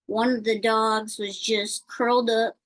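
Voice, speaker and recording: Slow, halting woman on a video call. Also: a little high, little pitch movement, poor audio. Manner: rambling, halting, with many fillers. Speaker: participant sharing a concern. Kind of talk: casual chat on a video call.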